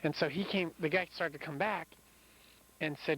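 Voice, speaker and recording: A man's voice: on the high side, steady tone, a little fast, a bit bright. A young man missionary recording a rambling, casual audio letter, telling a story with lots of fillers. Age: young adult. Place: in a moving car. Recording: noisy car recording.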